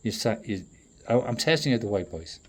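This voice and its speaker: A man in a profane, rambling monologue that swings between loud outbursts and low muttering. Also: expressive, a little fast. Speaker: traveling performer.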